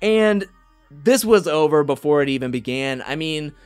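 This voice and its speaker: A man hosting a casual recap of a reality competition show, chatty and animated, often quoting others in mock voices. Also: a little high, normal speed, clean tone, soft background music.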